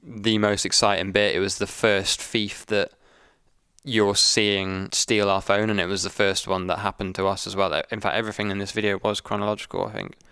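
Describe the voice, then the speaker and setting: Low, flat-voiced man explaining edits. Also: moderate pace, clear, resonant tone, dry recording. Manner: relaxed, explanatory, dry humour. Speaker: video editor. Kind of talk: casual breakdown chat.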